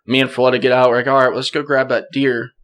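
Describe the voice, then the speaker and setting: A young man, a podcast guest, telling a hunting story in a casual, animated way, often laughing and clearing his throat. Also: mid-range voice, fast talker.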